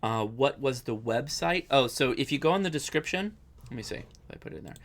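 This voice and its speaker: Gravelly-voiced man hosting a live Q&A. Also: mid-range voice, expressive, brisk. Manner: chatty, rambling, self-correcting. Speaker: livestream host answering viewer questions. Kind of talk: casual live-stream Q&A.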